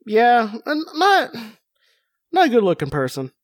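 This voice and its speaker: A man's voice: extremely high pitch, wildly swooping pitch, a little slow, no echo. A man co-hosting a casual podcast chat, reading out a character profile with joking asides. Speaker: podcast co-host.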